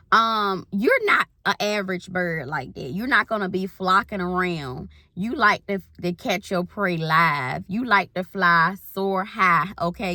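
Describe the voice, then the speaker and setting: Bright-voiced Southern woman coach. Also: medium pitch, no room sound, clean studio sound. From Southern US countryside. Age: 30s. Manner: folksy Southern slang, rambling asides. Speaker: spiritual life coach. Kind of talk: casual spiritual pep talk.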